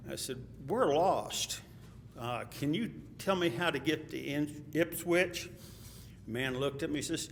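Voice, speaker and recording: A man's voice: fairly high pitch, a little slow, long pauses, a bit bright. Texan man telling stories in a hall. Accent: Texas. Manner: chuckling, anecdotal. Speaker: eulogy speaker. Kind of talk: storytelling at a memorial. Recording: hall reverb, faint ambient noise.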